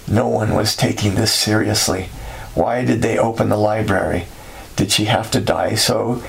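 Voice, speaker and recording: A man narrating a story in a steady, somber way. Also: mid-range voice, gravelly, poor audio.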